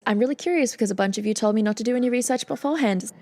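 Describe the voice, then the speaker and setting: A woman's voice: a little high, rapid-fire, mellow. A woman reacting to a song, giggly and stunned. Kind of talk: music reaction commentary.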